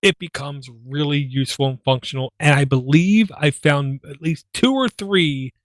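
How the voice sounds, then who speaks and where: A man's voice: on the high side, normal speed, no room sound. A man hosting a casual tech podcast, talking in a rambling, self-deprecating way. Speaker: podcast host.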